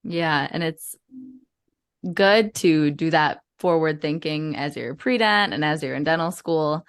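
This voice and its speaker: A woman's voice: low-pitched, a little slow, clean tone. A woman hosting a podcast, talking with a guest in a friendly, reflective way. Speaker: podcast host. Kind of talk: casual interview conversation.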